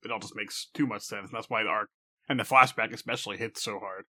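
A man's voice: fairly low pitch, steady tone, quick pace, pushed and bright. A man co-hosting a casual chat, agreeing and chiming in conversationally.

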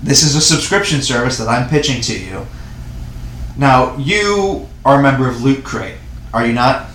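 A man's voice: mid-range voice, expressive, normal speed, a bit bright. A man co-hosting a podcast, telling loose, profane stories and laughing at his own jokes. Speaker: podcast co-host. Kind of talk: casual podcast banter. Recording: echoey room with faint noise.

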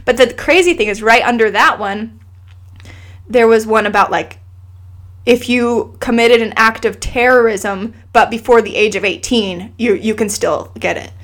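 A woman's voice: a little high, normal speed. A woman in her thirties, a guest telling a personal story in casual conversation, earnest and emotional, acting out what others said. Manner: animated, quotes others in lively asides.

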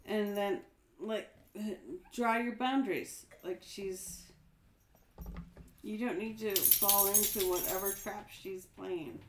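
A tipsy woman co-hosting a casual podcast, talking slowly and swearing. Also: mid-range voice, reverberant, background noise. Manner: slow, drawling, swearing. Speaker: podcast co-host. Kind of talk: casual drunk podcast chat.

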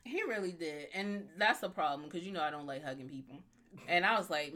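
A woman co-hosting a podcast in casual chat, animated, blunt and opinionated. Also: low voice, brisk. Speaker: podcast co-host.

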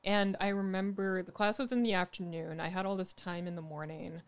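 Animated young woman telling stories. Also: fairly low pitch, a little fast, clear, resonant tone. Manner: animated storytelling, acting out quoted lines with laughter. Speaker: podcast co-host. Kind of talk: casual chat.

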